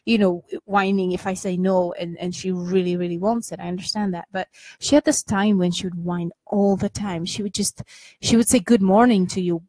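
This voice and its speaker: A woman's voice: mid-range voice, fairly even intonation, moderate pace, mellow, no echo, poor audio. Chatty woman sharing parenting tips. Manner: chatty, many restarts and "you know", laughs easily. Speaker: parenting guest. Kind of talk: casual podcast conversation.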